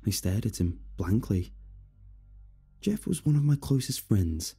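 A man narrating a first-person horror story in a steady, somber manner. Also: lowish voice, measured pace, husky, soft background music.

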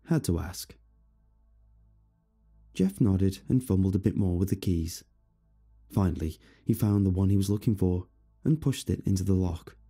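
A man narrating a first-person horror story in a steady, somber manner. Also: low-pitched, normal speed, breathy edge, faint music behind.

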